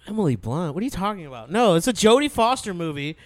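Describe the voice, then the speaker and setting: A man in casual podcast chat, crude and halting, full of fillers. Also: high voice, very animated, dry recording.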